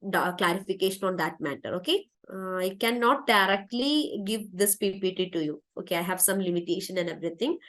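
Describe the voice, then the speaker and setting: A woman teaching a live online exam-prep class, going over past questions, repeating each one patiently and checking in with "okay" and "uh". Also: mid-range voice.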